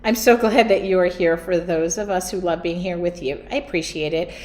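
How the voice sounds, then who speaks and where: A middle-aged woman hosting her art studio livestream, chatting casually and laughing often in a loud, talkative way. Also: fairly low pitch, brisk. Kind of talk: casual chat during a livestream.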